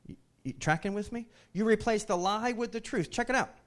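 A man's voice: high voice, fairly quick. A male pastor preaching a sermon emphatically, repeating his phrases and putting questions to the congregation.

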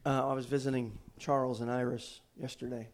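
A man preaching a sermon in a church, swinging from loud fervent declarations to quiet, folksy storytelling. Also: medium pitch, little pitch movement, fairly quick, slight background noise. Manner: preaching with rising intensity, then quiet storytelling. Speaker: pastor. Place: church sanctuary with balcony.

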